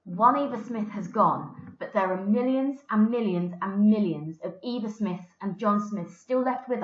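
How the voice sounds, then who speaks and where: A woman reading aloud as a calm, authoritative male police inspector delivering a solemn closing speech. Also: medium pitch, close to an everyday voice. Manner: firm, measured, commanding. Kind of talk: dramatic reading of a play. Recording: roomy, dull lo-fi recording.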